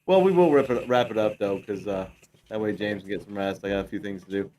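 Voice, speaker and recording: Relaxed male host, lowish voice, faint ambience behind. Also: fast talker, recorded from a distance, slight background noise. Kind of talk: casual stream chat.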